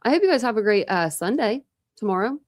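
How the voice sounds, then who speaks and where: A woman's voice: medium pitch, sing-song, quick pace. A woman hosts a casual true crime livestream in a chatty, meandering way. She piles on fillers and restarts as she talks loosely to her viewers. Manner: rambling, filler-heavy, chatty. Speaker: true crime channel host.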